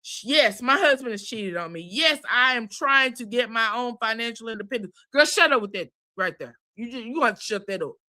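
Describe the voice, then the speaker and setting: A woman's voice: a little high, lively intonation, brisk, few pauses, bright, forceful tone. A woman giving a chatty, sassy recap of a reality show, full of asides. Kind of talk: casual recap commentary.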